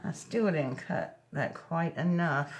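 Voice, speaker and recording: A woman's voice: sits low, expressive, takes it slowly, vocal fry. A woman hosting a live craft tutorial, chatting straight to her viewers as she works. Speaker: craft show host. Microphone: laptop mic.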